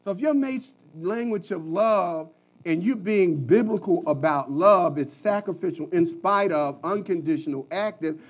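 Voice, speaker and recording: A man preaches in a high voice with passion. He repeats phrases and swings from quiet asides to sudden loud bursts. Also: a little slow. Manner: impassioned preaching with repetitions and sudden loud peaks. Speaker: pastor. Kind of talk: sermon.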